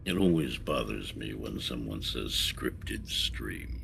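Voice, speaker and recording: Gravelly, sarcastic man. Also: extremely low pitch, expressive, slow, fairly bright tone, slight background noise. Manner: dry, sarcastic. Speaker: stream guest. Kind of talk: casual chat.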